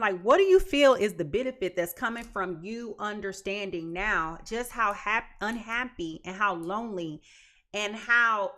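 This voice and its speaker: Emphatic bright-voiced woman reading tarot. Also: mid-range voice. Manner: emphatic, piles up repeated phrases; chatty and slangy, restarts often. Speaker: tarot reader. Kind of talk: casual tarot reading to viewers.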